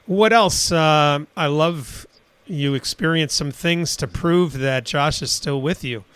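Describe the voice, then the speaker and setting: Smooth-voiced male podcast host. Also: a little high, takes it slowly, no echo. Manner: relaxed, rambling with fillers. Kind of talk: casual interview chat.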